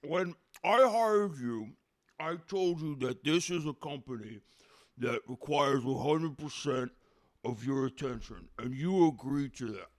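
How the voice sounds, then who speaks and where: A man's voice: high-pitched, animated, unhurried, hardly any pauses, fairly bright tone, voice pushed up. A man voicing a lazy, dismissive middle-aged male office boss who talks with his mouth full, heard a little off the mic. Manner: talks with a mouthful, brushing people off.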